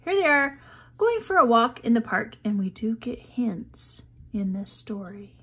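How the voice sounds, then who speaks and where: A woman teaching a children's reading lesson, talking slowly and patiently to young kids as she reviews words and walks through a picture book. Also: on the high side, sing-song, a bit bright, husky. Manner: slow, patient, friendly teacher talk to children.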